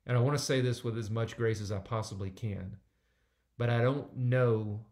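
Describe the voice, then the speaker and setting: A man's voice: medium pitch, moderate pace, a little mellow. A man in his forties preaching a sermon, talking conversationally and driving points home with emphatic repetition. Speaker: pastor.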